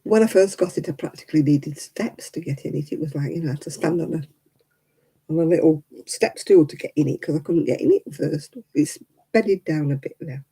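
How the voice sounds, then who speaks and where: A woman's voice: sits low, moderate pace, warm tone, breathy edge, rough recording. A woman in her seventies chatting casually and rambling with chuckles while she hosts a crafting livestream. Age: 70s. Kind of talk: casual chat.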